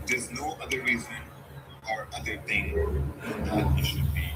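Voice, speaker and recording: A man's voice: lowish voice, steady tone, normal speed, over loud music, poor audio. A man hosting a casual live trading stream, answering viewer questions bluntly and offhand. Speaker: livestream trading host. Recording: loud background noise.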